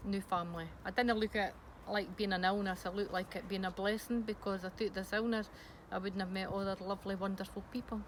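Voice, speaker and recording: A woman's voice: mid-range voice, level tone, fairly quick. A middle-aged woman with a Scottish accent, speaking frankly and hesitantly in an interview, with many ums and restarts. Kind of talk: candid personal interview. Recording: noisy background hiss.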